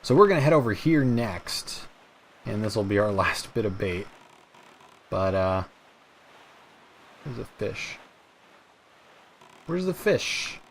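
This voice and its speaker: A man's voice: lowish voice, measured pace, pauses often, slight background noise. A young man hosting a let's play, chatting in a rambling, self-mocking way with many fillers. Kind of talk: gameplay commentary.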